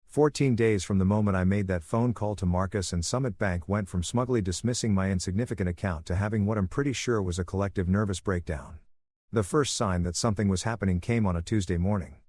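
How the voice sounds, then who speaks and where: Calm low-voiced man narrating. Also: fairly quick, no echo. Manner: calm, even, soothing delivery. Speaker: storyteller. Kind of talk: scripted first-person narration.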